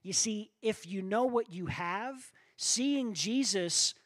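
High-voiced preacher, dry sound. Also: male voice, takes it slowly, no echo. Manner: animated storytelling, acting out quoted voices, asks the crowd for responses. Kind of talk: sermon.

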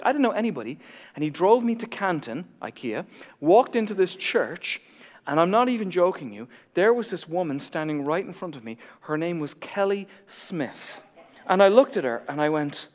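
An Irish man in his forties, a pastor telling his own story in a sermon with animated, self-deprecating humor. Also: on the high side, moderate pace, in a large hall. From Ireland.

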